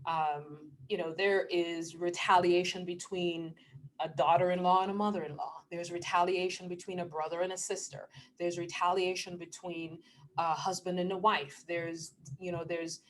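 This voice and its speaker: A middle-aged woman vlogger talking casually about spiritual matters, earnest and emotional, often laughing mid-sentence and sometimes dropping to a hushed near-whisper. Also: lowish voice, level tone, normal speed, a little hiss or hum. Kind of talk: casual spiritual talk to camera.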